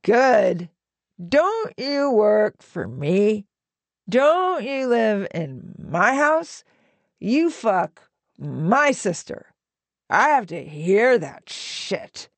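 A woman reading a story, voicing a drunk, menacing man with slow, taunting, aggressive delivery. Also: medium pitch, big pitch swings, gravelly, no echo, pitched above the performer's own voice, exaggerated voice. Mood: hostile. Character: drunk menacing young man, property owner.

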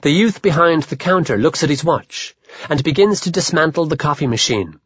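A man narrating a literary audiobook in a measured, even manner. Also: a little high, breathy edge, no echo. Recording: dull lo-fi dry audio.

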